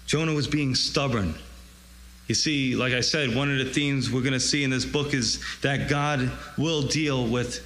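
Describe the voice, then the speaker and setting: A man's voice: medium pitch, a bit bright, long reverb tail, a little hiss or hum, poor audio. A man preaching a conversational sermon, retelling scripture and acting out the dialogue in a casual voice.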